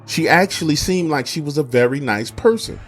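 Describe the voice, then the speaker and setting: A man's voice: fairly high pitch, lively intonation, fairly quick. A man earnestly narrating a true story from his youth in a conversational way.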